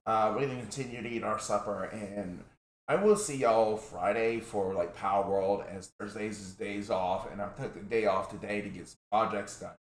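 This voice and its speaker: A man's voice: on the low side, fairly even intonation, moderate pace. A man casually telling a personal story to his viewers in a rambling way, full of "like" and restarts. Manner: rambling, filler-heavy, frequent "like". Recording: roomy echo.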